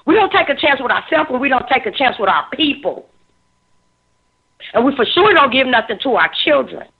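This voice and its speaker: A woman's voice: sits high, big pitch swings, fairly quick, vocal fry, slightly rough. A woman in her fifties giving emphatic, emotional social commentary, repeating words as she presses her points. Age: 50s. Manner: emphatic, preachy, repeats words when stirred. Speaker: talk show commentator. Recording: tinny phone-like line.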